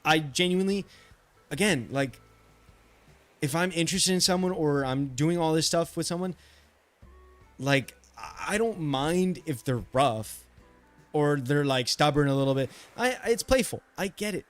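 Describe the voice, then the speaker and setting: A man's voice: fairly high pitch, animated, measured pace, faint music behind. A man streaming a game, venting in a rambling, frustrated way with many restarts and frequent swearing. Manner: swears freely. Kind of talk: casual chat while streaming.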